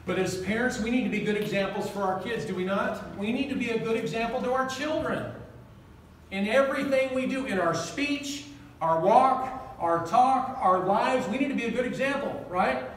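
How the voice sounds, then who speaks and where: Older male pastor, passionate preacher, high voice, distant mic in a reverberant church hall. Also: slight background noise. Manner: passionate, rapid, asks the congregation questions. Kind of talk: sermon. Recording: roomy echo, mic at a distance.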